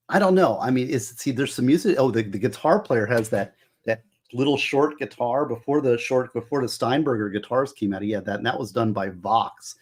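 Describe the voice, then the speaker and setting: A man with a medium-pitched voice hosts a casual livestream about music. He chats with his viewers in a rambling, eager way, dropping trivia and frequently restarting what he's saying.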